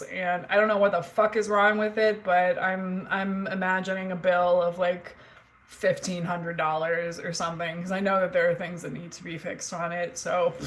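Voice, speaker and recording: A woman's voice: fairly low pitch, fairly bright tone, rough recording. A woman in her forties hosting a livestream, chatting casually and candidly with viewers, rambling through stories with fillers and the odd swear. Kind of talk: casual chat with live chat. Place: home, indoors.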